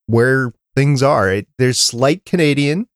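Guy from minnesota hosting a podcast, rambly, real animated voice. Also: mid-range voice, takes it slowly, no room sound, clean studio sound. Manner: chatty, rambling. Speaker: podcast host. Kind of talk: casual podcast chat.

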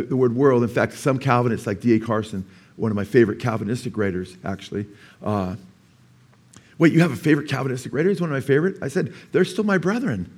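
A male pastor giving a sermon, telling a story in an animated way and rising to emphatic preaching, with calls of "amen?" to the congregation. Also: mid-range voice. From California.

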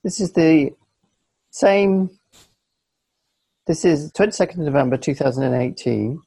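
A man co-hosting a podcast in casual chat, teasing his partner in a dry, deadpan way. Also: fairly high pitch, a little slow, gravelly, breathy edge, no echo. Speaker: podcast co-host and editor.

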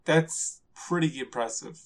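A man co-hosting a podcast in casual chat, laughing often, teasing his partner, and restarting his sentences. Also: fairly high pitch. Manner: giggly, teasing, halting restarts. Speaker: podcast co-host.

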